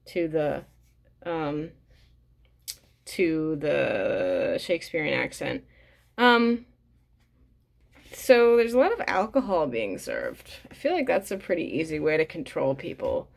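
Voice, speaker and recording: A woman's voice: low voice, very animated, takes it slowly, gravelly, pauses often. A woman reading a book aloud and commenting bluntly and casually, swearing often with plenty of fillers. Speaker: reader and commentator.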